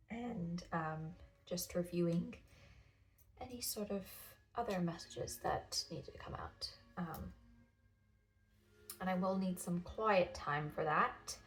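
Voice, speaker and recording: A woman's voice: on the low side, slow pace. A woman giving a casual tarot reading, hesitant with many ums, and she has the hiccups. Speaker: tarot reader. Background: classical music.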